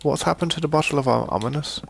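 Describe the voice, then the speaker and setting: Slight background noise sits under a quick, rather high male voice with vocal fry. He's a British streamer giving casual live commentary on a game, restarting his sentences often and calling viewers mate and boys.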